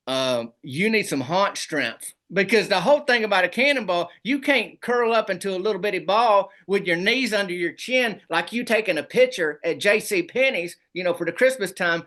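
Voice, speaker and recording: A man, a comedy guest telling boastful tall tales in a deadpan rural persona. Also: high-pitched. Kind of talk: comic storytelling in a rural persona.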